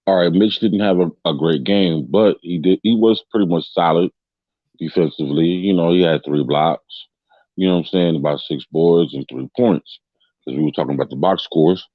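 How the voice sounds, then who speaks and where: A man's voice: deep voice, dry recording, highs cut off. A man hosting a casual fan podcast, talking in a loose, rambling way with constant restarts and tag questions. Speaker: podcast host.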